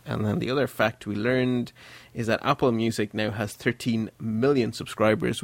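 A man's voice: mid-range voice, creaky, no echo. Irish man hosting a tech panel. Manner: reads figures off in a steady, methodical run. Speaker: podcast host. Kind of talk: casual tech discussion.

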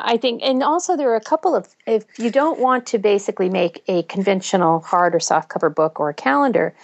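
A woman chatting casually and enthusiastically recommending apps, with frequent fillers. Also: medium pitch. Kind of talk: casual chat.

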